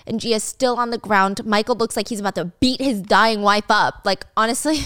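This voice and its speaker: A woman's voice: mid-range voice, normal speed, a bit bright, smooth, no room sound, clean studio sound. A young woman casually recapping a drama story, chatty and opinionated with dramatic asides.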